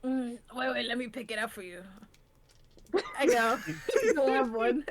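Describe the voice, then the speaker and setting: A woman's voice: on the high side, takes it slowly, crowd noise. A woman playing her character in a tabletop game, speaking playfully and giggling. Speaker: player. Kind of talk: in-character tabletop role-play.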